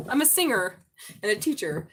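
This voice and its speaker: A woman's voice: mid-range voice, big pitch swings, normal speed, fairly bright tone, a little hiss or hum. Blunt, profane middle-aged woman. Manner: blunt, profane and jokey, laughing often. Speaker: tarot reader. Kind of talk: live-stream tarot reading.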